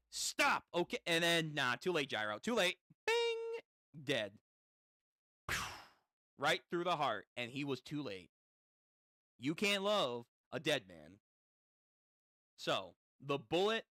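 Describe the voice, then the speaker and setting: A man reading a manga aloud and reacting as he goes, animated and prone to swearing. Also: on the high side, dry recording, clean studio sound. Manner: animated, swears, reads lines aloud then comments. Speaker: manga read-through host. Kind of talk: casual reading with live reactions.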